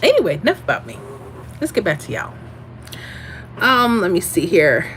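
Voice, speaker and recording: A woman's voice: on the low side, normal speed, a little hiss or hum. A woman hosting a casual livestream, chatting sassily and telling stories while reading viewer comments. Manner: sassy, animated storyteller. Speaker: livestream host.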